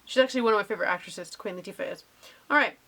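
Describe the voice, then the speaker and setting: A woman's voice: mid-range voice, rapid-fire, gravelly, fairly bright tone. A young woman casually answering viewer questions in a vlog, bubbly and gushing with lots of ums.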